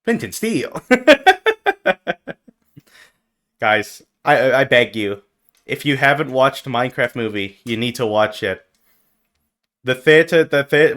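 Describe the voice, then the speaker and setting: A young man streaming as a VTuber, chatting casually with his viewers and jumping from mumbled asides to loud yelps. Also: medium pitch. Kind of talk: casual live-stream chat.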